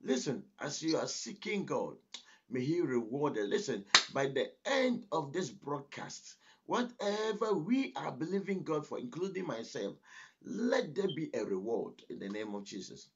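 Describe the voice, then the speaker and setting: A man preaching with a husky, slightly breathy voice whose pitch swings widely as he exhorts. The sound is dull and lo-fi, as if from a modest recording setup. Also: very animated, unhurried. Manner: emphatic, exhorting, repeats "listen". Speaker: pastor. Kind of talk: sermon.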